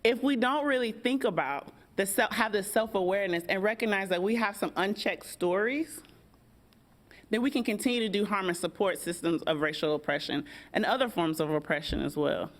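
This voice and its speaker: A woman's voice: mid-range voice, brisk. An American woman, a workshop facilitator, speaking on a panel in an engaging, conversational way and asking the audience questions. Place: event hall.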